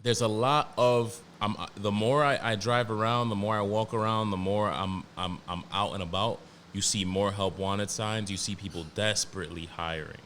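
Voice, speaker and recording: A man's voice: on the low side, steady tone, moderate pace, hardly any pauses, fairly bright tone, a little hiss or hum. A man hosting a solo podcast, ranting in a casual, profane and emphatic way, often repeating himself and restarting sentences. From New York. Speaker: podcast host.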